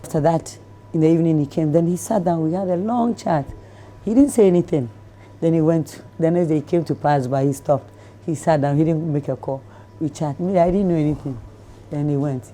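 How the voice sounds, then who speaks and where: A woman with a Ghanaian accent, a guest in an interview, telling stories about her life in a lively way and acting out the people in them. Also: low-pitched, fairly quick. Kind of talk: casual storytelling in an interview.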